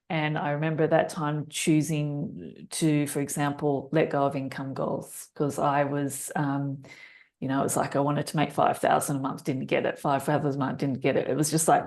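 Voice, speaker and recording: A woman in a casual conversation telling a personal story, acting out her own thoughts with sudden jumps in pitch and bursts of laughter. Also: steady tone, normal speed, a little mellow. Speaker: podcast guest, business author.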